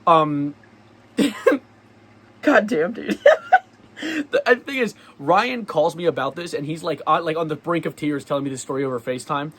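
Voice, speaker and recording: A young man vlogging, telling a story in a lively, sarcastic way and often laughing. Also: fairly high pitch, unhurried, pauses often, husky. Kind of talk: casual storytelling vlog.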